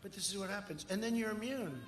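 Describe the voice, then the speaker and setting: An older man speaking at a campaign rally, rambling and boastful, swinging between shouted lines and muttered asides. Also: sits high, fast. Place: outdoor rally. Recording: echoey outdoor rally with long reverb and faint crowd noise.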